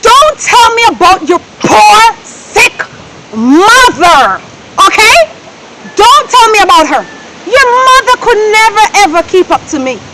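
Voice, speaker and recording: A woman's voice: very high-pitched, very animated, a little slow, full character voice. A woman playing a scornful Jamaican wife. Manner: scolding, shouting, scornful. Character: bossy, scornful wife and lady of the house. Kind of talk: comedy skit acting. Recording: loud background noise.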